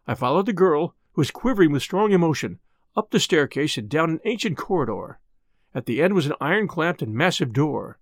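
A man reading a detective story aloud with expressive storytelling. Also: on the high side, brisk, no echo, clean studio sound. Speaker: audiobook narrator. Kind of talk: scripted narration.

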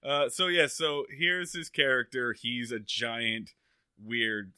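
A man co-hosting a podcast, riffing in casual comedic chat with quick joking asides. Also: medium pitch, steady tone, pushed and bright, clear, resonant tone, no echo, clean studio sound. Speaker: podcast co-host.

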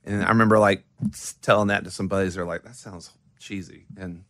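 A man's voice: sits low, steady tone, fast talker, fairly bright tone, no room sound, clean studio sound. A man who plays in a band, telling stories as an interview guest in a rambling, self-deprecating way with many restarts. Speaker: musician guest. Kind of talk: casual interview storytelling.

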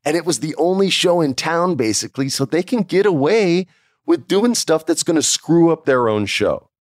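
A man's voice: on the high side, moderate pace, dry recording, clean studio sound. A man from New Mexico telling a backstage story in casual chat, acting out the other people's voices. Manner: animated, acts out voices of others. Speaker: storyteller guest.

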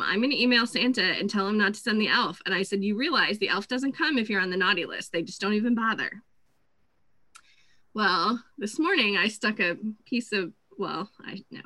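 A woman, chatting as co-host and telling animated stories about her family. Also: mid-range voice, no room sound, low-quality recording. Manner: chatty storyteller, quotes her kids in lively voices. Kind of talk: casual chat.

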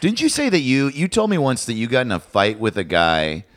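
A man's voice: medium pitch, huge pitch swings, a little fast, fairly bright tone. A male podcast co-host in casual comic chat, joking sarcastically, swearing freely and laughing a lot.

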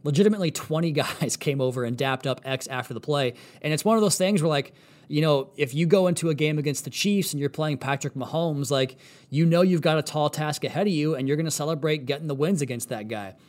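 Fired-up man hosting a sports podcast. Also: a little high. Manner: excited, fast-talking. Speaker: podcast host. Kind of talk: solo sports podcast analysis.

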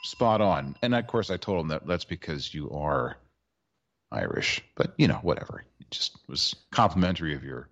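A man's voice: extremely low pitch, animated, normal speed, a bit bright, lo-fi sound. A man from Maryland co-hosting a sports radio show in casual chat, with wry, sarcastic asides. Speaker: co-host.

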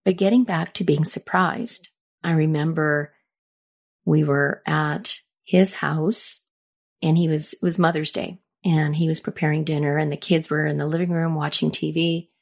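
Sharing casual personal stories on her podcast, this middle-aged woman is chatty and reflective, raising her voice to act out quoted lines. She speaks low and creaky at normal speed, with fairly even intonation.

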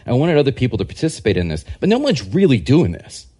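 A man, a historian and scholar, giving a casual podcast interview and telling rambling, animated anecdotes. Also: medium pitch, fast. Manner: rambling, animated anecdotes that act out quoted people. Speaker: guest historian and religious scholar.

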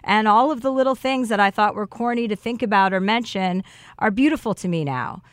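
A woman's voice: mid-range voice, fairly quick, dry recording, clean studio sound. A woman chatting openly and emotionally about healing and love as a podcast guest. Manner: emotional, effusive, warm-hearted talk of healing. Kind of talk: casual heartfelt chat.

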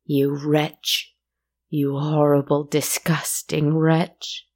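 A woman's voice: deep voice, level tone, drawn-out words, a little mellow, exaggerated voice. A woman voicing a vain wealthy woman who is panicked and desperate, crying out in frantic pleas. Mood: raging. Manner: frantic, pleading.

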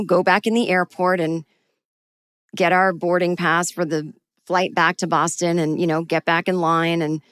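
A woman telling a personal story in a casual, animated way, mocking herself and acting out the people in it. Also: on the low side, clear, resonant tone, dry recording, clean studio sound. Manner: animated, self-mocking, acts out quotes. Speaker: storyteller guest.

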